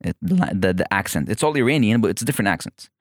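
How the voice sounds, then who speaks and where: A man from the Emirates with a fairly low voice talks loosely and playfully, breaking off and restarting his sentences as he goes. The recording is dry and close. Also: quick pace, dry recording. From United Arab Emirates. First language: Evazi Persian. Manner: animated, restarts often, playful. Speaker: guest comedian. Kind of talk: casual interview chat.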